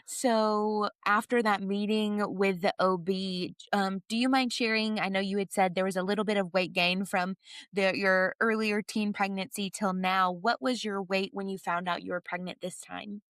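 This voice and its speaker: A woman's voice: medium pitch, fairly even intonation, moderate pace, fairly bright tone, smooth, no room sound. A woman hosting a podcast interview, reacting with empathy and laughing along. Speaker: podcast host.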